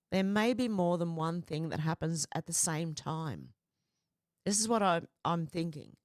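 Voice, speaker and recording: A woman chats casually on a livestream, greeting viewers one by one. Her voice is a little croaky since she is feeling unwell. The sound is dry and close, with no room around it. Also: on the low side, dry recording. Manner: chatty, greets viewers by name. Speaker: livestream host. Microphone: headphones with mic.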